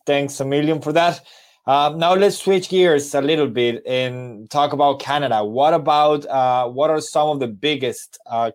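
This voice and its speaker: A man hosting a casual interview, friendly and encouraging as he asks his guest several questions at once. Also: mid-range voice.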